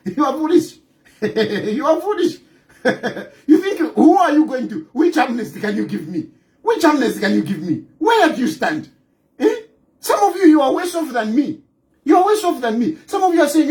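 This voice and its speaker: A Zambian man with a high, swooping voice delivers a fiery political monologue. He is forceful and repetitive, drives each point home several times and punctuates his attacks with scornful laughter. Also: sing-song, normal speed. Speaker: political commentator.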